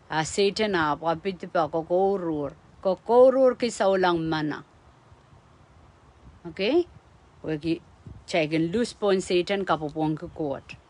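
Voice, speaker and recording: A woman preaching a sermon, speaking emphatically and often checking in with her listeners. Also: lowish voice.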